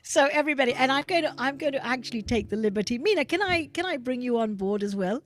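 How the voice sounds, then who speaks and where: A woman hosting an online gathering by video call, speaking gently and devotionally and moving into sung prayer. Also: high voice, lively intonation, fast talker. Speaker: host and singer. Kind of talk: online event talk with prayer songs.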